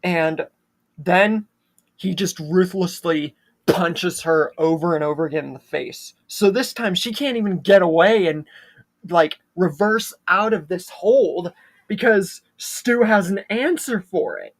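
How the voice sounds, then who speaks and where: Slow casual horror-story narrator. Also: mid-range voice. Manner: slow, casual retelling with fillers. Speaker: channel host and storyteller.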